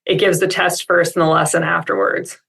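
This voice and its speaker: A woman's voice: on the low side, flat delivery, fairly quick, gravelly, a bit bright. A woman speaking as an expert guest on a coaching call, reflective and upbeat, with many casual fillers.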